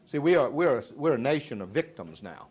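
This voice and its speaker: A man's voice: mid-range voice, very animated, fairly quick, husky. A middle-aged man, from Virginia, giving a live motivational sales speech full of jokes and questions to the crowd. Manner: dramatic swings from loud to hushed, joking, audience call-and-response.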